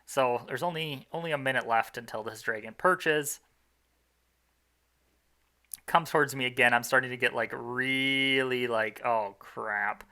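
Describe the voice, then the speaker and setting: A man's voice: medium pitch, fairly even intonation, measured pace, pauses often, sharp tone. A young man commentating his own game run in a casual, rambling, self-mocking way, full of fillers and restarts.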